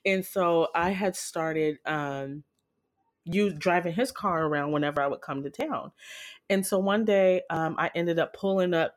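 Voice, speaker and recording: At a measured pace, a woman shares a personal story with animated, profane frankness. Her casual telling jumps in pitch whenever she replays a moment.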